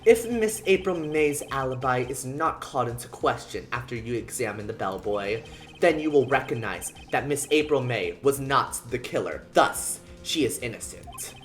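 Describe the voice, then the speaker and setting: A streamer voicing a cold, smug male prosecutor, speaking slowly and condescendingly over faint game music. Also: mid-range voice, expressive, close to an everyday voice. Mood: stern. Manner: slow, measured and condescending.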